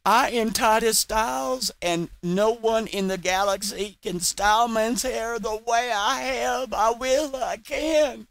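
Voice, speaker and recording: A man's voice: very high voice, slow, creaky, few pauses, fairly bright tone, no room sound, voice pushed up, heavily acted. A man mockingly voicing a boastful male hairstylist who dreams of captaining a spaceship. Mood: mock grandiose.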